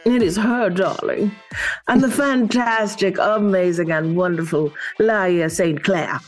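A woman hosting a podcast in casual chat, relaxed and laughing, often repeating words as she talks. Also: medium pitch, slow, soft background music. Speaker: podcast host.

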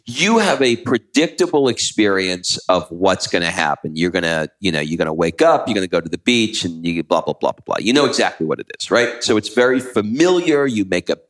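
A man's voice: deep voice, fairly quick, few pauses. A middle-aged man from the United States co-hosting a casual travel chat, telling stories and acting out quotes. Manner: animated storyteller, acts out quotes. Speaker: co-host.

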